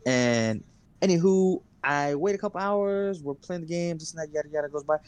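A man's voice: a little high, normal speed, smooth. Young male podcast co-host, casual storyteller, heavy cursing. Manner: rambling storyteller, heavy swearing and fillers. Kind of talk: casual chat.

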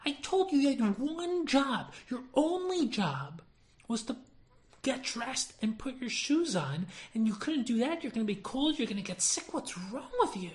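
A woman's voice: a little high, very animated, a little slow, pitched above the performer's own voice. A woman voicing a teenage girl who screams furious scolding at her younger sister.

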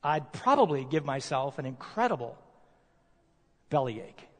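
A male preacher delivering a sermon, emphatic, posing rhetorical questions and slowing down to stress key words. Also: medium pitch, very animated. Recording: long reverb of a large hall.

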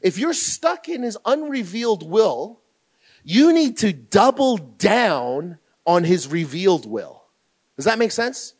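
A man preaching a sermon as pastor, emphatic and animated, with loud bursts when he reads scripture aloud. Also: sits high, slow, husky.

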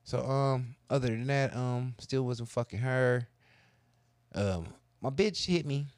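A man on a casual talk show, telling crude, boastful stories in a profane, animated way. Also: medium pitch, slow, dry recording. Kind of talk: casual storytelling chat.

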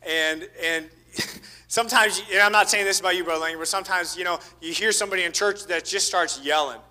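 A man preaching a sermon, swinging between loud exhortation and hushed asides. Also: high-pitched, a little fast. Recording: reverberant church hall.

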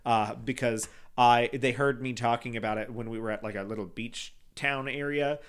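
A man's voice: medium pitch, steady tone, moderate pace, smooth. Chatty campy man, casual podcast chat. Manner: chatty, campy, full of fillers and swearing. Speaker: podcast co-host.

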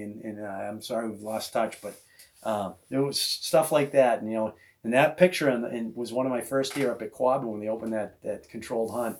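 A man hosting a podcast, telling a hunting story in casual chat and acting out the other people's voices. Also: medium pitch. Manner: animated storyteller who acts out voices of others. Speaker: podcast host.

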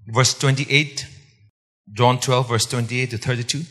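Male pastor, husky voice, emphatic sermon delivery with repetition and questions to the congregation, long hall reverb. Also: medium pitch, steady tone, a little slow, fairly bright tone. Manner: emphatic, repeats key points, quizzes the congregation.

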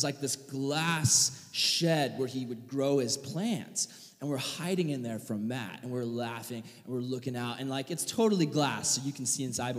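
A young man preaching a sermon, telling a personal story, acting out voices and yelling in bursts. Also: medium pitch. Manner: animated storyteller, acts out voices, yells in bursts. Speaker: pastor. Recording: long reverb of a large hall.

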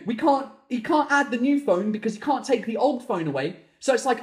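Swearing, animated comedian ranting. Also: male voice, extremely high pitch, brisk, few pauses. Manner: animated, swearing, exasperated storytelling. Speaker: comedian podcast host. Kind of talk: ranting comic monologue. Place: home office at the end of the garden. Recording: echoey room.

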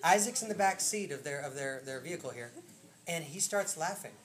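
A woman pastor preaching in a church, chatty and laughing, swinging from loud storytelling to hushed intimate moments. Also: deep voice, expressive, a little fast, a crowd in the background. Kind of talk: sermon. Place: church sanctuary.

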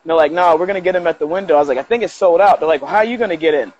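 High-voiced man telling a story. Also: rapid-fire, highs cut off. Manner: animated, acts out quoted dialogue with profanity. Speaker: guest. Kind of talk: casual storytelling in a podcast interview.

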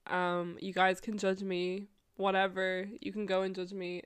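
A woman's voice: mid-range voice, completely flat delivery, measured pace, clean tone. A woman in her twenties hosting a podcast, telling personal stories in a chatty way, swearing, laughing often and filling her talk with likes. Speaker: podcast host. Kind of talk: casual storytelling podcast.

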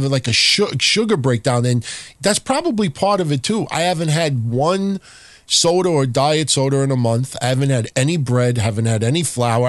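A man's voice: on the high side, no echo. Candid male podcast host, dry sound. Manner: candid, profane, chatty. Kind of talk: casual chat.

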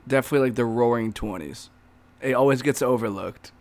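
A man's voice: mid-range voice, a little fast, a little mellow. Joking, ranting male podcast co-host. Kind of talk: casual podcast chat.

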